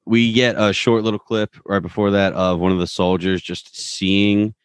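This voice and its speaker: Low-voiced man recapping casually. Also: smooth, no room sound, clean studio sound. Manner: animated retelling with quick quoted voices. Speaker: podcast co-host. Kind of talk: casual chat recapping a cartoon episode.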